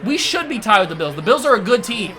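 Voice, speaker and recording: Hosting a gaming channel, a man rants furiously over live gameplay, his fast, sing-song commentary swinging between shouts and low mutters.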